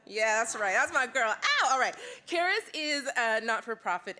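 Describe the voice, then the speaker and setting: A woman radio host from Edmonton, hosting a live event, bubbly, giggling and breathless with excitement. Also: mid-range voice. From Edmonton, Canada. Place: live event room with an audience.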